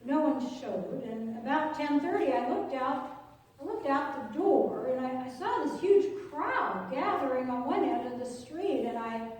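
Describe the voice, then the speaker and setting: A woman's voice: high-pitched, lively intonation, a little mellow. Zacchaeus, a woman playing an anxious male tax collector. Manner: storytelling, halting with repeated words. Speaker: pastor performing a dramatic monologue. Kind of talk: dramatic first-person monologue in worship. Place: church sanctuary. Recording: echoey sanctuary, distant mic.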